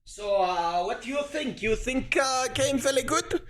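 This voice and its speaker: A man's voice: sing-song, fairly quick, darkish tone. A man voicing a pushy male hawker who speaks in clipped broken phrases, grinning and salesy. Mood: pushy, teasing. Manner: clipped broken phrases, high squeaky pitch. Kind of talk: mock impression on a livestream.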